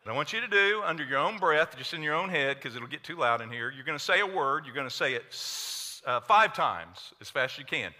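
A man with an Oklahoma accent preaching a sermon to a church congregation, energetic and playful, quizzing the crowd. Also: fairly high pitch. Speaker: pastor. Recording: long hall reverb.

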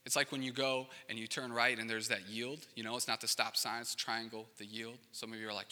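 A male pastor preaching in a relaxed, conversational way and slipping in joking asides. His voice is very bright and sharp, and it carries a long reverb from a big hall. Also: medium pitch, brisk. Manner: casual and conversational, acting out quotes with joking asides. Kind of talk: sermon.

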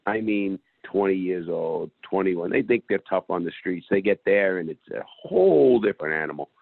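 A man's voice: deep voice, animated, moderate pace, vocal fry. Blunt streetwise man on a phone line. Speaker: interview guest. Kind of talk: storytelling in interview. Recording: phone-like call audio.

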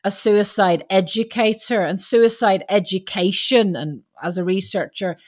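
A woman hosting a parenting and education podcast, reading a scripted introduction and then interviewing her guest in an articulate, measured, earnest way. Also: medium pitch. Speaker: podcast host.

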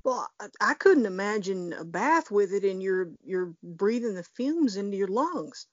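A woman's voice: mid-range voice, animated, measured pace, dry recording. Woman co-host, dry short reactions, dead muffled sound. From Texas. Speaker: podcast co-host. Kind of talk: casual chat.

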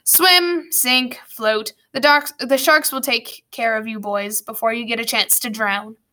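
Woman voicing Grumpkin, a gruff cruel schoolmaster. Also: a little high, a little slow, pushed and bright. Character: grumpy, cruel middle-aged male orphanage schoolmaster.

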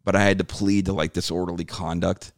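On a relaxed podcast, a male comedian appearing as a guest speaks in a brisk, low voice, cursing liberally as he animatedly performs quoted dialogue from his story. The studio-quality audio has no echo.

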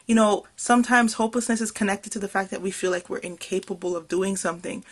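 A woman hosts her own podcast, thinking out loud in a passionate, earnest way. She circles back on herself often, with fillers and small laughs, and her pitch sits in the middle of the usual range. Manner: passionate, emphatic delivery. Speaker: podcast host. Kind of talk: reflective solo podcast talk.

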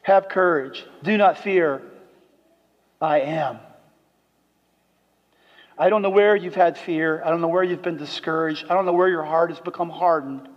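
A pastor preaching a sermon, emphatic at times and soft and earnest at others. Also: male voice, on the high side, a little slow, long pauses. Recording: dull sound with long hall reverb.

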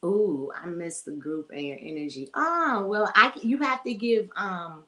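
A woman's voice: lowish voice, animated, measured pace, bright, forceful tone. A woman in her forties hosting a casual live-streamed podcast, chatting freely, greeting viewers by name and laughing often. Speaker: podcast host.

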